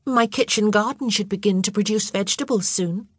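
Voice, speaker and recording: A woman's voice: high-pitched, expressive, slow, husky, no room sound, clean studio sound, pitched above the performer's own voice, exaggerated voice. A woman doing a helpful, practical young sister. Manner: helpful, matter-of-fact.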